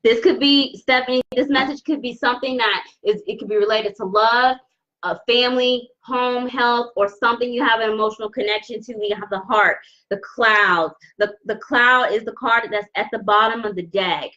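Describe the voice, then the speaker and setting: A woman giving a live tarot reading, talking slowly with many restarts as she holds back tears. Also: fairly high pitch, steady tone, lo-fi sound. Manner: warm, emotional, halting with many restarts. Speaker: tarot reader. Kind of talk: live-stream card reading.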